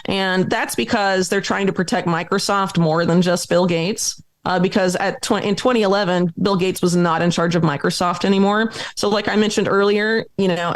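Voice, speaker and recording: A woman who is a guest author and journalist on a podcast talks quickly and emphatically through a long, detailed explanation packed with dates and names. Her pitch is fairly low.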